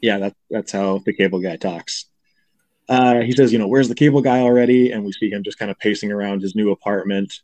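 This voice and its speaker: A man co-hosting a podcast, casually recapping a film scene by scene and slipping into quick character impressions. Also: fairly low pitch, darkish tone. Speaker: podcast co-host. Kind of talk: casual movie recap chat.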